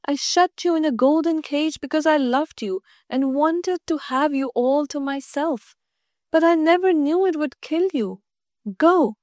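A young princess in a storybook coaxes her pet bird in a soft, fond voice, as a woman puts her on. The voice is high and the sound is dry and close. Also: no echo. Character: young doting princess, gentle and possessive.

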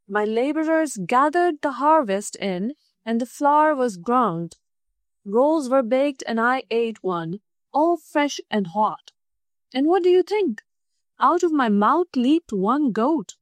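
A woman's voice: high-pitched, no room sound. A woman voicing a boastful, smug rich young man in a storybook reading. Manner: bragging, sly. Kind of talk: storybook narration.

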